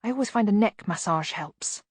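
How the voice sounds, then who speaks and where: Woman doing a soft-spoken, menacing gentleman. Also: medium pitch, expressive, normal speed, dry recording, studio quality, pitched above the performer's own voice. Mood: silky. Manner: quiet, smooth, falsely friendly. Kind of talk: audiobook character reading.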